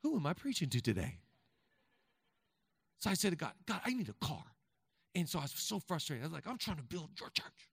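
A high-pitched man preaching to his congregation, his voice bright and forceful. He moves from easy conversational storytelling to fervent, shouted exhortation. The mic is close and dry, with a long hall reverb behind it. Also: wildly swooping pitch, brisk, gravelly, long pauses, breathy edge. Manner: conversational, builds to shouting fervor. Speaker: pastor. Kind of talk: sermon. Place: large church hall.

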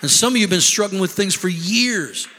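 A man preaching a sermon as pastor, moving from measured scripture reading to shouted calls for the congregation to rejoice. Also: sits high, expressive, slight background noise. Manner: builds from measured teaching to shouted exhortation. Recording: long hall reverb.

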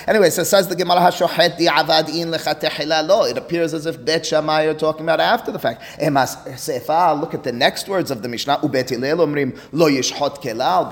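A man's voice: on the high side, reverberant, in a large hall. A man teaching a Talmud class as a rabbi, speaking emphatically and weaving Hebrew and Aramaic terms into his explanation.

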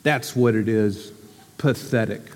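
A sorrowful old donkey from a storybook, deep and murmuring, as a man reads him aloud. He drags every word as if nothing will ever improve. The sound rings in a reverberant hall. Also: natural voice. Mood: gloomy. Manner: slow, mournful, sighing delivery. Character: gloomy old gray male donkey.

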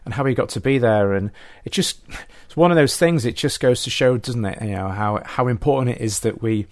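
A man's voice: mid-range voice, brisk, no room sound. Man, podcast host, upbeat, encouraging, dry close mic. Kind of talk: casual podcast interview.

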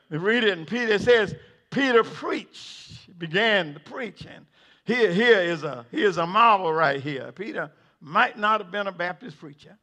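Preacher man, high bright voice, slow, gets loud and repeats himself. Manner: builds to shouting, acts out the figures in the story; repeats words and restarts. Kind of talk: sermon.

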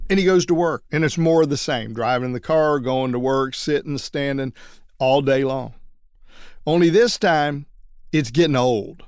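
A trial lawyer teaching other lawyers how to persuade juries, telling a story and acting out everyday quotes. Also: male voice, medium pitch, normal speed, darkish tone, clean tone, dry recording, studio quality.

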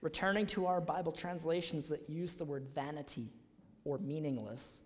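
A man's voice: a little high, moderate pace. A man preaching a sermon to his congregation, asking his listeners emphatic rhetorical questions. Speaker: pastor. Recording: long hall reverb.

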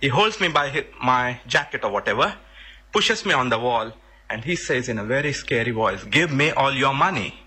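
A man's voice: mid-range voice, animated, normal speed, bright, forceful tone, husky. A man from India, earnestly telling a personal story and sometimes searching for words.

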